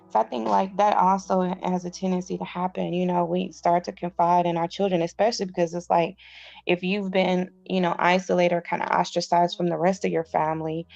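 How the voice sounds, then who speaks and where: A woman's voice: on the low side, vocal fry, a little mellow, muffled recording. A middle-aged woman, recording a casual vlog on her phone, reading book passages aloud and then chatting about them. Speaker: vlogger reading and reviewing a self-help book. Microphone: phone with headphones in.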